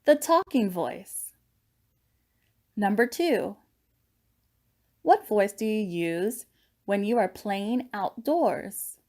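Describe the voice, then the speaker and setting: A woman narrating a children's lesson on voices, gentle and encouraging. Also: medium pitch, animated, very slow, long pauses.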